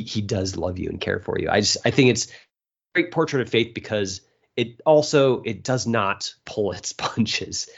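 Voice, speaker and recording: Guy hosting a podcast, lowish voice, thinks out loud and restarts a lot, kinda muffled audio. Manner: thoughtful, halting, many restarts. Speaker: podcast host. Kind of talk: casual podcast chat.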